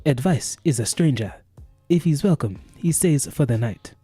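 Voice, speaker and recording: A man doing a drawn-out, mock-solemn proverb reader with a dark, mellow voice and faint music underneath. the delivery rises and dips a lot, grave and deliberate. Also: medium pitch, expressive, breathy edge, no room sound. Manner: slow, solemn recitation. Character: man reciting proverbs in a put-on exaggerated accent.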